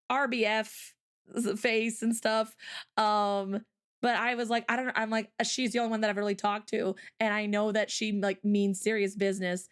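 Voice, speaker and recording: A woman hosting a livestream and telling a story, with lots of "like" and "um" fillers, often speeding up. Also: mid-range voice. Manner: chatty, full of "like" and "um" fillers, often speeds up and acts out her own past words. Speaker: streamer and host.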